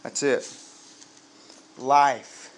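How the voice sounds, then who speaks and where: A man preaching a sermon to a live congregation, lively and humorous, quizzing the crowd. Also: medium pitch, drawn-out words. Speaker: pastor.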